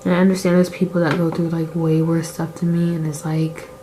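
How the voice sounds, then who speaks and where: Mellow-voiced teen girl vlogger rambling candidly. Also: low voice, little pitch movement, fairly quick, a little hiss or hum, rough recording. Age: late teens. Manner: rambling and confessional, full of "like" fillers; candid and emotional about her feelings. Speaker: beauty vlogger. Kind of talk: casual chat while doing makeup.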